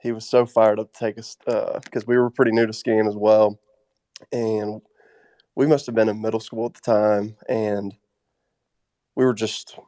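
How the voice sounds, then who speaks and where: Low-voiced, earnest young man. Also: level tone, warm tone, no room sound, clean studio sound. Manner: earnest, halting delivery. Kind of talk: casual storytelling.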